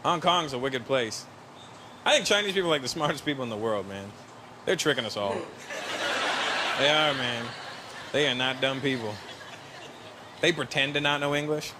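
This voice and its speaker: A man's voice: mid-range voice, moderate pace, pauses often. A man performing stand-up, teasing an audience member with playful crowd work. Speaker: stand-up comedian. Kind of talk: stand-up routine. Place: comedy stage before a live audience. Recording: live show with loud crowd and noise.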